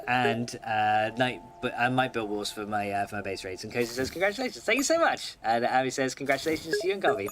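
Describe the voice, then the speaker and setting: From a room at home, a man streams a video game and chats casually with viewers, reading their messages aloud with many restarts and fillers and laughing often. His voice is medium-pitched and a bit bright, with a little hiss or hum.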